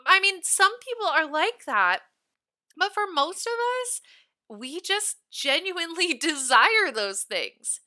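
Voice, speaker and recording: A woman hosting a podcast, telling a story in a casual, animated and giggly way. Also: very high voice, slow pace. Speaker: podcast host.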